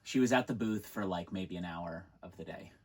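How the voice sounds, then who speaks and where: A woman's voice: very deep voice, a little fast, slightly rough. A woman co-hosting, telling craft fair stories casually and acting out what people said, with laughter. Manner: animated storyteller, acts out quoted voices, laughs. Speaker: co-host. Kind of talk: casual storytelling chat.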